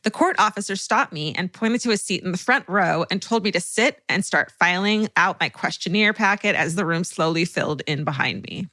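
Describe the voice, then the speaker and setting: A young adult woman co-hosting a podcast, reading listener stories aloud with an animated, swearing, laughing manner. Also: fairly low pitch, normal speed, few pauses, no echo. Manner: animated storyteller, swears freely, laughs often. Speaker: podcast co-host.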